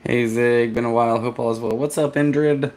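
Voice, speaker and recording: A man from Texas, a vlogger, reading his chat aloud and answering in a rambling, halting way, tired from poor sleep. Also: medium pitch, fairly even intonation, darkish tone. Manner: rambling, halting, with restarts and laughs. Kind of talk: casual live-stream chat.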